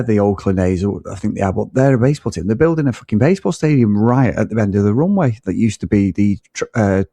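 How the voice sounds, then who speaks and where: A man's voice: fairly low pitch, mellow, breathy edge, dry recording. A man co-hosting a casual film review chat, talking bluntly, ranting and swearing freely. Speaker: podcast co-host.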